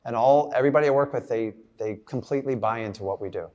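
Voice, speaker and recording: On a lo-fi recording, a middle-aged real estate investor gives a blunt, casual motivational talk to a live audience, acting out little scenes. His medium-pitched voice is a little mellow and moves at a quick pace.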